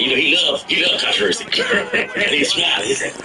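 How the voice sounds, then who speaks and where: A man telling tour stories in a casual chat, animated and slangy, swearing freely and breaking into loud outbursts. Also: on the high side, brisk, very noisy. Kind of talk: casual storytelling.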